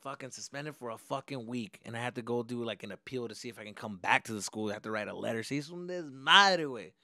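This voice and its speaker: A young man hosting a podcast, telling a story in a casual, animated and profane way. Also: medium pitch, quick pace, dry recording, clean studio sound. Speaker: podcast host.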